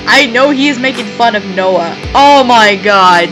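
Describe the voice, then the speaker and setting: A woman's voice: medium pitch, lively intonation, unhurried, poor audio. A woman reading fan fiction aloud for laughs, breaking off to mock it and laughing often. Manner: laughs often, mocking asides. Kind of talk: comedic reading with commentary. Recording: background guitar music.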